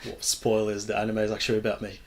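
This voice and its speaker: A man's voice: on the low side, completely flat delivery, fast talker, a little hiss or hum. A young man hosting a podcast, chatting casually, rambling loosely and swearing freely. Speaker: podcast host. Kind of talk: casual chat.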